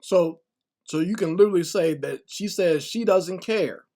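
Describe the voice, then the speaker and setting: A man talks over a clip in casual reaction commentary. His voice sits a little high for a man. He is sarcastic, stacks rhetorical questions and stumbles over repeated words. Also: moderate pace, mellow.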